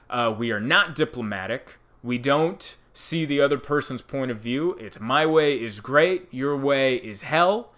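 A man doing a stand-up comedy bit, animated storytelling that acts out the people in it. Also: a little high. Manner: animated storytelling, acting out characters.

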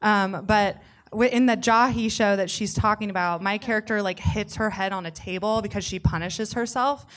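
A woman speaks as a voice actor on a convention panel, in a mid-pitched voice. She answers in a relaxed, chatty way, scattering "like" through her sentences. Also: moderate pace. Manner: chatty, peppered with "like" fillers.

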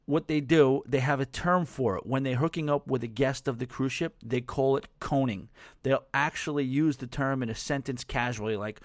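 A man's voice: mid-range voice, normal speed, no echo. Chatty man hosting a podcast, dry sound. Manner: chatty and rambling, with many fillers and chuckles. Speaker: podcast host. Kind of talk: casual podcast storytelling.

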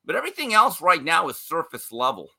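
A male sports writer giving opinionated commentary on a talk show, talking in quick bursts. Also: a little high, huge pitch swings, creaky, pushed and bright, breathy edge. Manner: opinionated, fast bursts, quoting others in put-on voices.

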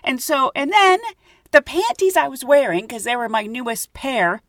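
A woman's voice: high-pitched, very animated, normal speed, a bit bright, no room sound, clean studio sound. A woman hosting her own podcast, telling funny stories in a chatty, giggly, self-mocking way from a closet at home. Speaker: podcast host. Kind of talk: casual storytelling monologue.

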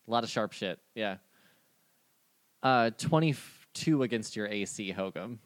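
A man running a tabletop game as game master, laid-back and laughing often, slowing down to count dice rolls. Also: on the low side, animated, no room sound.

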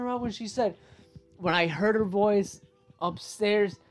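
A man's voice: sits high, unhurried. A young adult man hosting a podcast, telling stories in a casual, rambling way with lots of swearing. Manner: profane, rambling, animated storytelling. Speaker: podcast host. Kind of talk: casual storytelling monologue.

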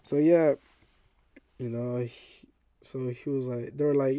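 A young adult man hosting a podcast, telling a personal story in a casual, animated way and acting out what others said. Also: medium pitch, a little slow, no echo. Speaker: podcast host.

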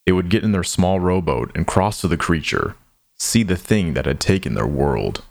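Narrating an audio drama, a man speaks in a low, deep voice with animation. He stays measured and somber, lingering over every line.

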